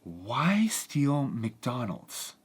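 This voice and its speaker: Lady doing a storytime vlog, super expressive voice jumping all over, kinda exasperated. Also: rumbling low, very slow, husky. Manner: animated, exasperated retelling. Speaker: vlogger.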